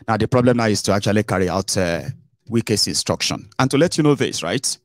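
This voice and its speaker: A man giving casual, animated political commentary on his own channel, slipping into pidgin asides. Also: fairly low pitch, fairly quick, no room sound, clean studio sound.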